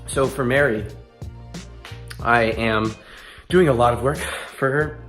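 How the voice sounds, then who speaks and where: A man's voice: mid-range voice, slow pace, fairly bright tone, soft background music. A man in his twenties talking earnestly in a casual vlog, emphatic and given to restarts. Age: 20s. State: emotional, close to tears. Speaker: vlogger.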